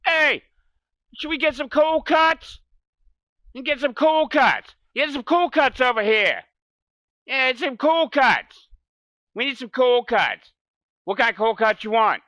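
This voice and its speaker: A man putting on a pushy New Jersey deli customer, loud and insistent, repeating himself. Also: very high-pitched, expressive, slow, pauses often, no echo, studio quality, pitched above the performer's own voice, full character voice.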